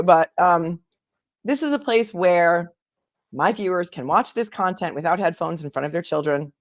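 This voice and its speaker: A woman hosting a live-stream channel chats casually and reads out viewers' super chats conversationally. Her voice is lowish, and the sound is clean studio audio with no echo.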